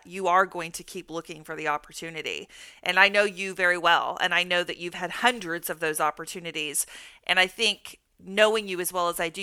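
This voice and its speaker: A woman's voice: fairly low pitch, pushed and bright, dry recording. A woman hosting a faith podcast, a counselor who speaks in a reflective, affirming way.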